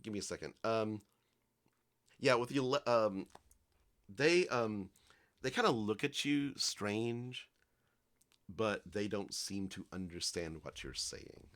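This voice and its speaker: A man with a very deep voice runs a tabletop game as dungeon master. He speaks calmly but haltingly, filling his pauses with "um" while he hands down rulings. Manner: halting, many fillers, calm rulings.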